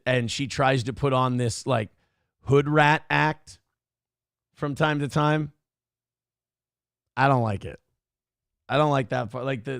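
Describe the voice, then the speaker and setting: A man's voice: fairly high pitch, vocal fry, fairly bright tone, dry recording, clean studio sound. A male show host giving blunt, profane, mocking commentary on a livestream.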